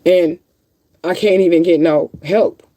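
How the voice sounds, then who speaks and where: An upset woman ranting on a livestream, close to tears and blunt, swearing freely and hammering the same phrases again and again. Her voice is mellow and warm in tone. The sound is dry and close, picked up by a phone or webcam mic. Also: fairly low pitch, fairly even intonation, unhurried, no echo. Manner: blunt, profane, repeats herself insistently. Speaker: livestreaming vlogger. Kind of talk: emotional livestream rant to viewers.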